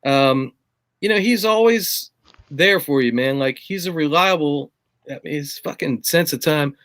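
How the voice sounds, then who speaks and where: A man's voice: on the high side, unhurried, a bit bright. A middle-aged man, a drummer, telling stories in a casual chat, swearing often and filling every line with "like" and "you know". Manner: profane, rambling, full of "like" and "you know". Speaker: drummer guest.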